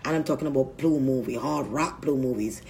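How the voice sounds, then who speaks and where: A woman's voice: a bass voice, fairly quick, darkish tone, a little hiss or hum. A woman vlogger talking in a rambling, crude casual monologue, often laughing mid-sentence.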